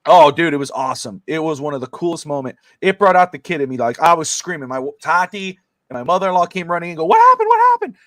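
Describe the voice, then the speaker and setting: A man co-hosting a casual sports talk stream, recounting events with excitement and plenty of fillers. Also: fairly high pitch, quick pace, no echo. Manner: excited storyteller, many fillers. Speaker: sports talk show co-host.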